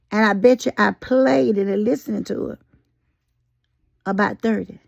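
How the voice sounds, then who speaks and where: Woman ranting to her viewers, high voice, kinda gravelly, close and dry. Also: no echo. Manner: animated, folksy and sassy, talks straight at viewers. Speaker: commentary vlogger. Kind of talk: casual opinion commentary.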